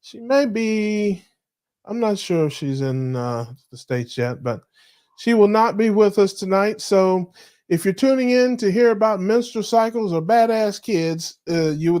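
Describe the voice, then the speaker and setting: A man's voice: high voice, a little mellow. Jokey laughing male live-stream host. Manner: joking, teasing, laughs often. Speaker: co-host of a live diet chat show. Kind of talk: casual live-stream chat. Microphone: video call.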